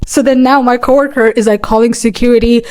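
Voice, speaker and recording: Fast-talking chatty young woman. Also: on the high side, steady tone, a little mellow. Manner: rambling, chatty storytelling full of "like" and "right?"; profane, dramatic. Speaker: vlogger. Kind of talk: storytime vlog.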